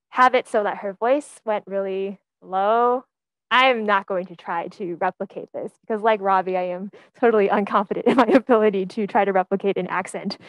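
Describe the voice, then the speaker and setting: A woman's voice: mid-range voice, no room sound. Chatty young woman giving a class talk. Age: young adult. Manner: friendly and chatty, with many "um"s and small laughs. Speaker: teaching fellow presenting. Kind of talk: informal class presentation.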